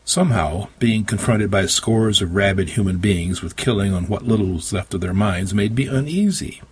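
A man's voice: fairly low pitch, moderate pace, slightly rough. A man reading a story aloud in a dry, wry first-person narration. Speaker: audiobook narrator. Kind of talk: scripted narration.

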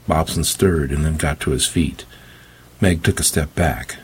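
A male audiobook narrator with a low, very husky and breathy voice. He tells the story in the first person with a dry, wry touch. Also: normal speed, a little mellow.

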